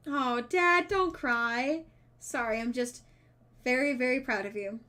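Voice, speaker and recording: A woman streamer reading a dating game's dialogue aloud, with playful asides and quick self-corrections. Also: high-pitched, pushed and bright. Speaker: streamer playing a dating sim. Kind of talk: reading game text aloud with casual commentary.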